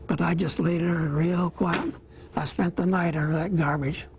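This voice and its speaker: A man in his eighties from Iowa, a war veteran telling his memories in an interview, plain-spoken and halting, with small pauses. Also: on the high side, fairly even intonation, vocal fry, darkish tone, slight background noise, low-quality recording.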